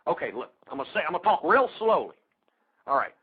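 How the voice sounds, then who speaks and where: A man's voice: a little high, very animated, rapid-fire, breathy edge, no echo. A man hosting a call-in talk radio show, ranting angrily at his listeners, insulting them and stammering through restarts. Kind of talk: angry political talk radio rant. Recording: tinny phone-like radio audio.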